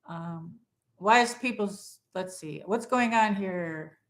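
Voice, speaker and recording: Her voice is on the low side and a bit bright, and she takes things slowly in a reverberant room at home, with a Christmas tree behind her. Streaming live from her phone, she rambles casually and reads her viewers' comments aloud.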